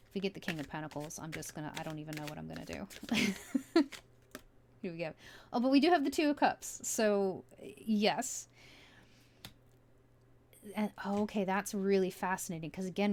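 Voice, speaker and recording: A woman's voice: medium pitch, a little mellow. A woman giving a casual tarot reading, musing aloud with many fillers as she turns the cards. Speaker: tarot reader.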